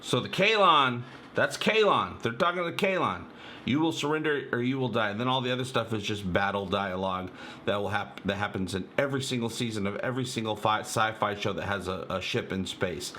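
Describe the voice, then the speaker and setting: A man hosting a casual fan video, talking excitedly and rambling with lots of fillers as he breaks down a trailer for viewers. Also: on the low side, a little fast, slight background noise. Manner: excitable, rambling, many fillers, addresses viewers as "you guys". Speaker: channel host.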